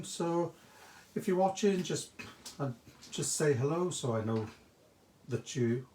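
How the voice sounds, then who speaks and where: A man's voice: medium pitch, darkish tone. Chatty man demoing crafts in an echoey room. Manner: chatty, greets viewers by name while working. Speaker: craft shop host demonstrating a technique. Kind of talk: live craft demonstration. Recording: echoey room, faint background noise.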